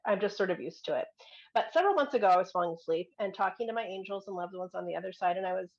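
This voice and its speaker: A woman's voice: medium pitch, a little mellow, muffled recording. A woman guest telling a personal story in a casual chat, earnest and rambling. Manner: earnest, rambling, with frequent restarts and giggles. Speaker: guest, client.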